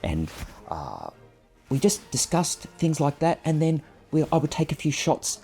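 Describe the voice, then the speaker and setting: A man's voice: on the high side, huge pitch swings, a little slow, vocal fry, darkish tone, breathy edge, soft background music. A man in his fifties, a photographer, tells a personal story in an earnest, reflective and self-deprecating way, speaking into a clip-on microphone.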